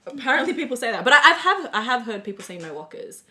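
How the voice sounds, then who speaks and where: Young Australian woman, podcast host, bright and giggly, lively pitch. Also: fast talker. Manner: giggly, laughs often between words. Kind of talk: casual chat.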